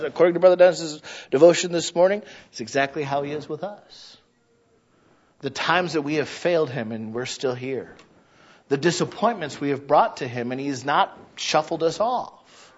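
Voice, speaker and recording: A man in his thirties preaching a conversational sermon, animated and acting out little quoted voices. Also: a little high, highs cut off.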